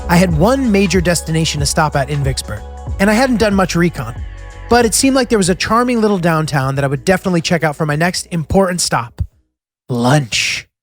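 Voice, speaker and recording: Over background music, a young American man with a high-pitched voice talks fast, narrating his road trip from a script. He's casual and self-deprecating, his travel vlog narration packed with "like" and asides.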